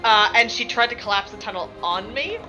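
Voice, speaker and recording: A woman's voice: a little high, expressive, fairly quick, dull audio, over music. A woman who plays in a tabletop game, recapping a session casually, rambling and laughing, with lots of filler words.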